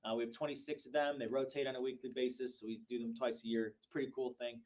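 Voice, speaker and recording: A man in his thirties hosting a live show, giving an excitable, high-energy motivational sales talk that swings between loud bursts and low, slow stretches. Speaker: host.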